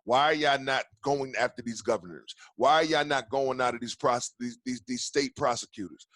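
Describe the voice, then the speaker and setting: A man's voice: medium pitch, normal speed, a bit bright, dry recording. A fired-up male podcast host, stumbling over restarts as he rants and swears. His voice sits mid-range and sounds close and dry, with no room around it. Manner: heated, profane ranting with many restarts. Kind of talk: casual podcast chat.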